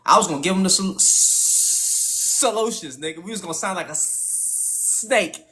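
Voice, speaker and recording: A man's voice: sits high, fairly quick, pushed and bright. A man hosting a live panel stream, ranting profanely with restarts, stutters and laughter. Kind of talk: casual live-stream talk.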